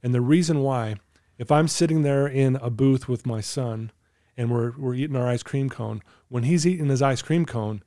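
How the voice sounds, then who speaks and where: A man's voice: medium pitch, normal speed, warm tone, no echo, clean studio sound. A middle-aged man sharing parenting advice in a casual podcast chat, earnest and coaching. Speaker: podcast guest.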